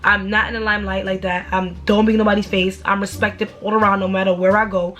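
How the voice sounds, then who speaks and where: A young woman telling a storytime in a blunt, animated, slangy way, with sudden high exaggerated outbursts. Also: fast talker, hardly any pauses, soft background music. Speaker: storytime vlogger. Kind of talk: casual storytime rant.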